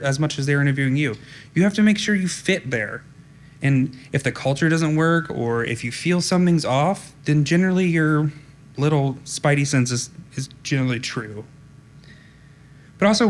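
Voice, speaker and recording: A man giving a conference talk in a flat, direct, informal way, often saying "um". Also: mid-range voice, slight background noise. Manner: direct, informal, frequent ums. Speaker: conference speaker. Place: conference room.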